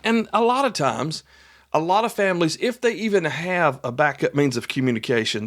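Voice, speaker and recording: A man hosts an instructional podcast in a folksy, conversational manner, repeating his points and acting out little dialogues. His fairly high voice is sing-song and moves at normal speed.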